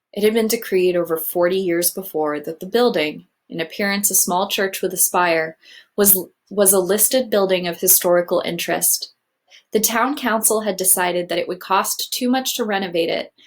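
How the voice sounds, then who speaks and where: A woman teacher reads a chapter aloud to her students, telling the story clearly and with expression. Her voice sits a little low for a woman. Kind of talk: reading a novel aloud.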